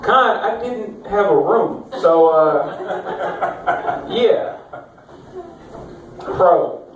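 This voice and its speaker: A man's voice: a little high, a little hiss or hum. A young adult man doing a stand-up set in a comedy club, rambling and self-mocking, with plenty of swearing. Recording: echoey club, mic from far off.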